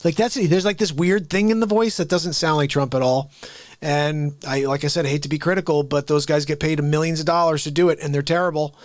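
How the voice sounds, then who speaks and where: Excitable rambling male comedy streamer. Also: fairly high pitch, no room sound, studio quality. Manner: excitable, rambling, self-interrupting. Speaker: livestream comedy host. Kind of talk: unscripted live comedy chat.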